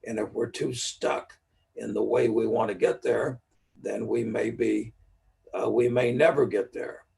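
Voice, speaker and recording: A man's voice: medium pitch, fairly even intonation, measured pace, darkish tone, far from the mic, poor audio. A man teaching neurolinguistic programming in a live-streamed lecture, explaining his points with stories and repeating the key ideas. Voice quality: gravelly and husky. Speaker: NLP teacher.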